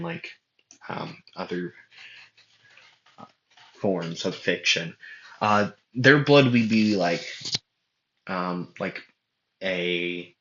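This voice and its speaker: A man's voice: lowish voice, pushed and bright. A man improvising a fan fiction story aloud, rambling with many fillers and self-corrections. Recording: echoey room, dull lo-fi sound.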